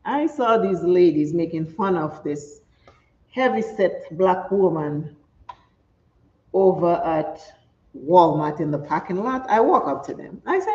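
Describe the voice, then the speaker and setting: A middle-aged woman, chatting and telling stories while doing her makeup, animated and laughing often. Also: lowish voice, unhurried. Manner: animated, laughs often, acts out quoted speech. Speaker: makeup vlogger. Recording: roomy, slightly dull home recording.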